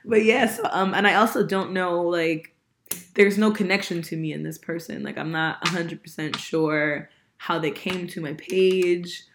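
A young woman telling a story in casual podcast chat, animated, laughing often and swearing freely, a little sick. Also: on the low side, moderate pace. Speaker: podcast host.

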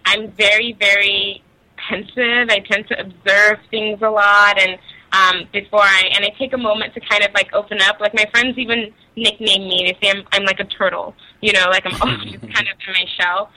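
A woman's voice: medium pitch, steady tone, normal speed, bright, forceful tone, low-quality recording. A young woman from Nigeria, chatting casually as an interview guest, laughing often and using many fillers.

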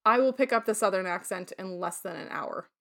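A woman's voice: mid-range voice, fairly quick, vocal fry, fairly bright tone. A woman from Central New York co-hosting a podcast, chatting casually, laughing often and telling stories with animation. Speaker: podcast co-host. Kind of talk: casual chat.

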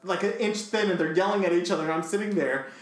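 A man's voice: high voice, quick pace. A man on a podcast telling a funny story in a casual way, laughing and acting out voices as he goes. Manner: animated, laughing, acts out voices in his stories. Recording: echoey room.

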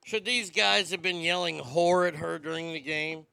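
A man's voice: a little high, steady tone, normal speed, creaky, sharp tone, smooth, no echo. A man delivering a blunt, sarcastic, profane opinion rant as a commentator.

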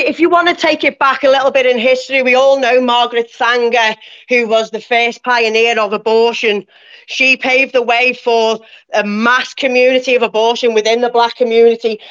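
Woman guest on a podcast, high voice, blunt, direct, muffled lo-fi recording. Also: level tone, moderate pace, fairly bright tone. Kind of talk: casual call-in talk.

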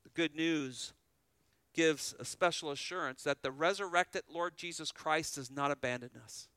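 A man's voice: on the high side, pushed and bright, smooth, dry recording. A man preaching a sermon as pastor, earnest and full of rhetorical questions.

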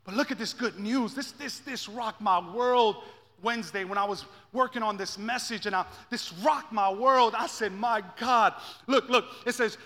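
A man preaching a sermon as pastor, moving from quiet intensity to shouted peaks and repeating his phrases. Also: high voice, normal speed, big-room sound.

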